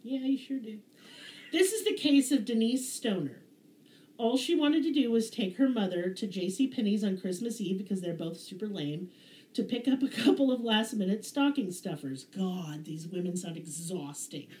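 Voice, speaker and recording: Brief: Southern-twanged woman host, profane and sarcastic, mellow voice, echoey room. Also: medium pitch, normal speed. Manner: sarcastic, profane, animated storyteller. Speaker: podcast host. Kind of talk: casual storytelling chat. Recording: roomy echo.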